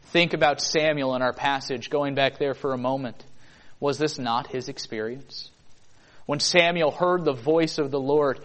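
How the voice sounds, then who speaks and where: A man preaching a sermon, earnest and full of rhetorical questions, building to emphatic peaks. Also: a little high.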